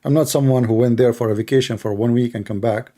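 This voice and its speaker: A man's voice: mid-range voice, fairly even intonation, quick pace, dark tone. A man, talking in a casual, emphatic monologue and telling stories with lots of repetition. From Middle East. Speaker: online commentator.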